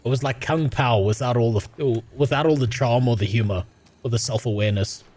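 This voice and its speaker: A man's voice: medium pitch, a little fast, a little mellow. A young man streaming a game, talking in crude, sarcastic, laughing rants. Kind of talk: casual gaming stream chat.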